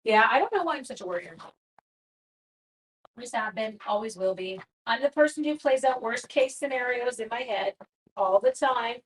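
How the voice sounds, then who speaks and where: A middle-aged woman hosting a casual live craft class, chatty and quick to laugh at herself. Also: a little high, lively intonation.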